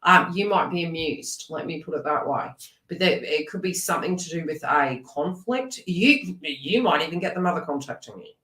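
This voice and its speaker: A woman giving a live tarot reading in an animated, chatty way. She laughs often and talks directly to viewers in the chat. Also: low voice, moderate pace, far from the mic. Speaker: tarot reader. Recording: echoey room, away from the mic.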